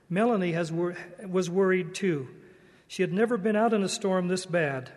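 A man giving a devotional church talk in a slow, earnest, measured way. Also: high voice, a little mellow, in a large hall. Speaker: church speaker.

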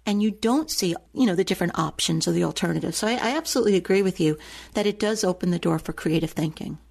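A woman's voice: fairly low pitch, quick pace, gravelly, a little mellow. A woman hosting a talk show, interviewing a guest in an attentive, affirming way.

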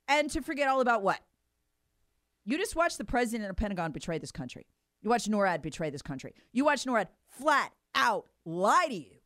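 Middle-aged female talk co-host, high lively voice, indignant and sarcastic, dry close mic. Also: normal speed, no room sound. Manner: emphatic, indignant, sarcastic mock quotes. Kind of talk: political commentary chat.

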